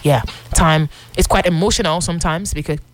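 A woman's voice: sits low, fairly quick. A woman hosting a radio show, talking casually in the studio and laughing often. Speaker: radio host.

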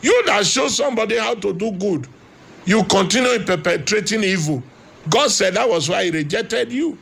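A man preaches a fiery sermon in a high, gravelly voice. He repeats his lines for weight and breaks into shouts now and then. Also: expressive, moderate pace. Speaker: prophet.

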